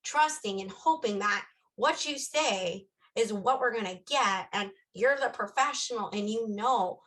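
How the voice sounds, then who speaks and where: A woman's voice: on the high side, measured pace, fairly bright tone, low-quality recording. A woman co-hosting a parenting podcast, telling a candid personal story in casual chat and acting out bits of dialogue.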